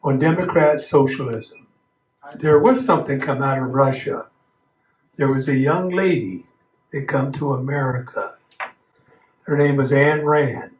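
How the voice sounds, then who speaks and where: A man's voice: mid-range voice, unhurried, pauses often, highs cut off, slight background noise. Earnest man with folksy grammar. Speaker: roundtable speaker. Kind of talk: opinion talk. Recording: echoey room.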